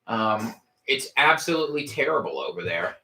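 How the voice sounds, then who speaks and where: A man hosts a casual home livestream, his pitch swinging in a lively, animated way. He rambles through his points with wry gallows humor and often restarts his sentences. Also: normal speed. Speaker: podcast host. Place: home room.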